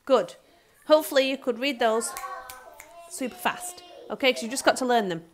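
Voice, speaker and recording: A young woman, a reception teacher leading a phonics lesson in a lively, sing-song way, sounding words out slowly. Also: fairly high pitch.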